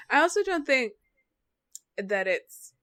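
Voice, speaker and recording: A woman's voice: sits high, big pitch swings, drawn-out words, fairly bright tone. A woman co-hosting a podcast in casual chat, rambling with many restarts and filler words. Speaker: podcast co-host.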